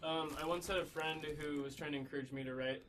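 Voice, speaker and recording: Soft-spoken student man from across a classroom. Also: on the high side, steady tone, fast talker, slight background noise, poor audio. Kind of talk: answering in class discussion. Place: classroom, away from the mic.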